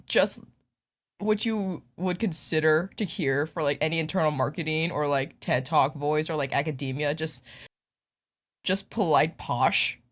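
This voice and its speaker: Woman w a lowish smooth radio kinda voice, chatty, laughs at herself a lot. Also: measured pace. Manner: chatty and self-mocking, laughs often; smooth voice people call radio-ready. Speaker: podcast co-host. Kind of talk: casual chat.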